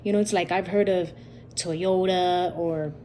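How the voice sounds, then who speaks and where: A woman's voice: on the low side, fairly even intonation, a little slow, warm tone, slight background noise. A woman hosting her own channel, casually retelling a dream in a rambling, repetitive way full of quoted dialogue. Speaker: channel host. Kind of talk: casual storytelling about a dream.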